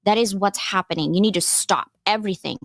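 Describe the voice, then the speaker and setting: A woman's voice: medium pitch, a little fast, no room sound, clean studio sound. A woman giving a casual live presentation as a workshop presenter, chatty and encouraging, with frequent digressions.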